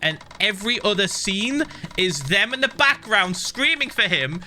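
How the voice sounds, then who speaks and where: A man's voice: high-pitched, animated, normal speed, bright, forceful tone, slight background noise. A man streaming a game, chatting casually and animatedly, swearing and laughing often. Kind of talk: casual livestream chat while gaming.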